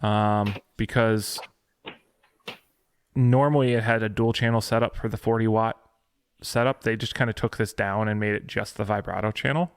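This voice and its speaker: A man's voice: fairly low pitch, steady tone, normal speed, clean tone, dry recording, clean studio sound. A man co-hosting a podcast, chatting casually about gear news with lots of fillers and restarts. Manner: hesitant, many fillers and restarts. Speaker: podcast co-host.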